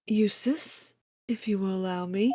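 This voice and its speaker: A woman reading a stern, formal judge-prosecutor's lines aloud while streaming a game, measured and dramatic. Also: medium pitch, noisy background, close to an everyday voice. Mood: imperious.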